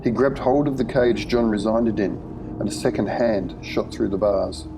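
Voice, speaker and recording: A man narrating a horror short story in a measured, vivid storytelling manner. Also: fairly low pitch, music in the background, rough recording.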